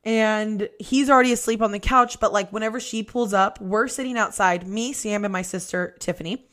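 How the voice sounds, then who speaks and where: A woman's voice: mid-range voice, steady tone, normal speed, a bit bright. Young woman podcast host, casual confessional storytelling, profane and giggly. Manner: candid, profane, laughs often.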